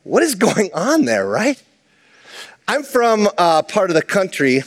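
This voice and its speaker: Male pastor, high voice, lively conversational sermon, big hall reverb. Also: slow pace. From Minnesota, USA. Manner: animated, conversational preaching with asides.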